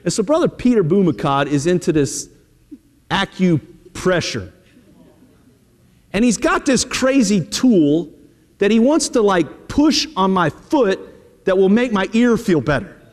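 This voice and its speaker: A middle-aged man preaching from the pulpit, his voice sitting high for a man. He talks to the congregation plainly and directly, often leaning on a quick "hey." The sound rings with the long reverb of a church sanctuary. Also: sing-song. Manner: conversational preaching, repeating "hey" and direct address. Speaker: pastor. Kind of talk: sermon.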